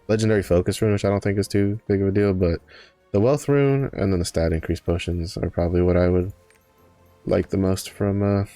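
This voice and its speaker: A man's voice: low-pitched, dark tone, no echo. A man streaming a game, chatting casually and rambling with many fillers and self-corrections, sounding a bit tired. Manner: yawning, tired. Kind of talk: casual live-stream commentary.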